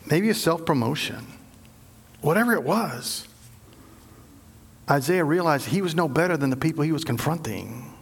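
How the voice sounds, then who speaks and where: High-voiced preacher, dramatic hushed drops. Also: male voice, husky. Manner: dramatic, drops to low hushed tones for emphasis; acts out quoted voices. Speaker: pastor. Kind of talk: sermon.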